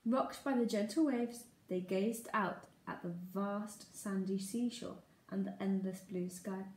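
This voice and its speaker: A woman teacher from England reading a children's story aloud in a lively, expressive way. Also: mid-range voice, measured pace, a little hiss or hum. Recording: echoey room.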